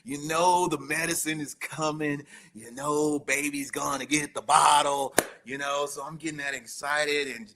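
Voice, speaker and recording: A man as a podcast guest, telling a personal recovery story in an animated way. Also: on the high side, measured pace, hardly any pauses. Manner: animated storyteller, acting out quoted voices.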